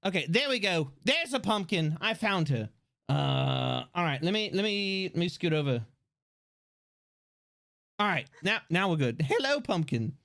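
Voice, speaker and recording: A man streaming live, chatting excitably, swearing and rambling with restarts into a desk microphone. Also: high-pitched, measured pace, creaky. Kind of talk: casual live-stream chat.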